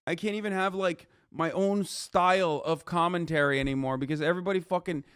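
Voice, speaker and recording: A man in his thirties streaming live reaction commentary, ranting and swearing, jumping between loud outbursts and low mutters. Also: fairly quick, clear, resonant tone, no room sound, clean studio sound. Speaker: streamer reacting to a news video.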